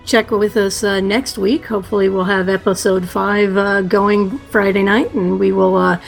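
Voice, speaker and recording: Woman, co-host, casual chat, gravelly, halting delivery. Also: mid-range voice, little pitch movement, faint music behind. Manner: halting, many uh fillers. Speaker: podcast co-host.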